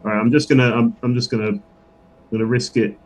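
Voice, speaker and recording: A man playing a tabletop game, talking through his character's moves in a halting, casual way. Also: mid-range voice, flat delivery, a little mellow. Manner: halting, many fillers and restarts. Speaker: player.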